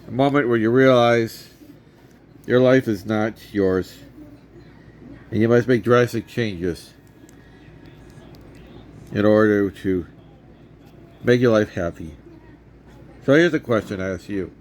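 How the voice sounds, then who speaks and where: A man's voice: fairly low pitch, takes it slowly, pauses often, a little mellow, slight background noise. A man in his fifties casually retelling and reviewing a movie for his vlog, rambling with many restarts.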